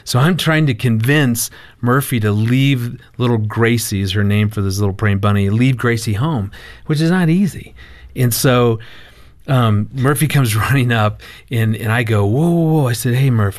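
A man telling a family story as a guest on a talk show, his pitch sitting in the ordinary middle range for a man. He speaks in halting bursts, repeating words and restarting sentences. He acts out the lines he quotes as he goes. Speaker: marriage counselor guest. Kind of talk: storytelling in a conversation.

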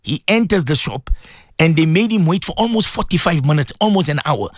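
A male radio presenter giving an impassioned sermon, emphatic and repetitive, dropping low and solemn then rising to high exclamations. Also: animated, a little fast, no echo, clean studio sound.

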